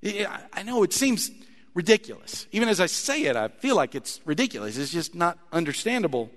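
High, bright-voiced preaching man in a hall. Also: sing-song. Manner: emphatic preaching with dramatic pauses, rising to loud passionate peaks. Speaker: pastor. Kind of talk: sermon.

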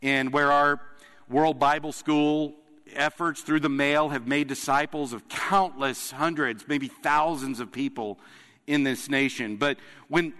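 Man, pastor, sermon, earnest, emphatic pauses, long hall reverb. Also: fairly high pitch, a bit bright. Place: church sanctuary.

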